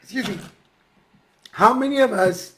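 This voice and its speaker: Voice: medium pitch, unhurried, sharp tone, slight background noise. A co-host chatting casually, playful and teasing, laughing often. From Latino family. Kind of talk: casual chat.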